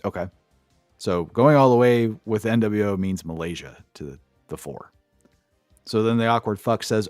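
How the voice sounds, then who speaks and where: A man's voice: on the low side, normal speed, darkish tone, no echo, clean studio sound, faint music behind. A man co-hosting a podcast, giving a sarcastic, profane play-by-play recap in casual chat. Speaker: podcast co-host.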